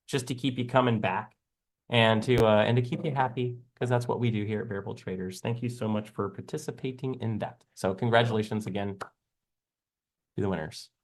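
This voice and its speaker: A man's voice: on the low side, fairly even intonation, a little fast. A man hosting a live trading stream, chatting casually in a rambling, jokey way and laughing often. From American South. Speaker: live trading show host.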